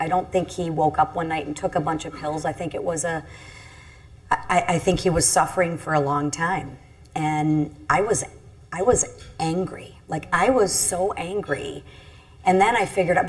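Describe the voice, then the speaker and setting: A middle-aged woman from Michigan speaks on a discussion panel as a congresswoman. Her voice sits a little low, and she tells her story earnestly and candidly, often faulting herself.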